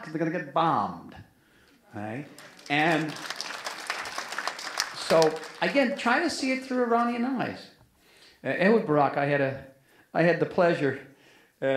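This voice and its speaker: A former ambassador talking in an onstage interview, animated and emphatic, often restarting his sentences. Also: a little high. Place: museum event hall. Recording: roomy event hall sound.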